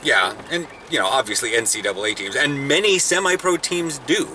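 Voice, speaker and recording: A young man with a mid-range voice talks a little fast over a noisy background, vlogging casually from a car and later outdoors. He's a vlogger and football player, and his chat rambles with restarts and laughter.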